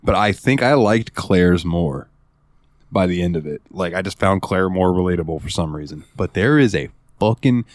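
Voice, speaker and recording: Guy on a gaming podcast, kinda low voice, dead dry mic, gets all worked up telling stories. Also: moderate pace, no room sound. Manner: excitable storyteller, swears freely. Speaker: podcast co-host. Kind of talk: casual gaming chat.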